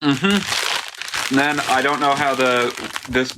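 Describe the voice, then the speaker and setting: A laid-back man co-hosting a podcast, mostly giving short, offhand replies between laughs. Wrappers crinkle and click clearly behind his voice. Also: medium pitch, little pitch movement, takes it slowly, background noise. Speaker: podcast co-host. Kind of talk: casual chat.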